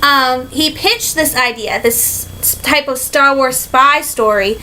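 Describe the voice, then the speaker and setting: A young woman from Michigan chats in a casual vlog, her voice high and bright. She rambles eagerly, with plenty of "um" and "like", and now and then drifts toward a put-on British accent. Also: slow, slight background noise, poor audio. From Michigan, USA. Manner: excitable, rambling, many fillers and likes, slips into a put-on British accent. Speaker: vlogger.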